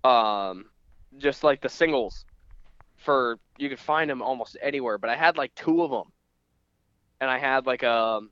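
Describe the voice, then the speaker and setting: A young man co-hosts a casual podcast, telling long rambling stories packed with fillers. His voice is smooth, and the recording sounds dry and a little dull. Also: mid-range voice, unhurried, pauses often, a bit bright, dry recording. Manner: rambling storyteller, many fillers. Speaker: podcast co-host. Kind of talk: casual chat.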